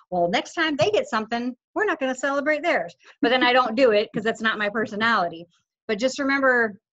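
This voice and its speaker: A fairly high-voiced woman coaches her sales team over a video call, upbeat and insistent. She slips into lively quoted voices as she goes. The audio is dull and lo-fi. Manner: upbeat, insistent, animated quoting of others. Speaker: team leader coaching affiliates.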